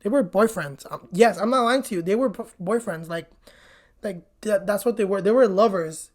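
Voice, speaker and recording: Woman vlogger, casual movie recap, blunt and chatty with frequent swearing, mid-pitched voice. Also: moderate pace, a little mellow. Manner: chatty and blunt, swears often, says "like" a lot.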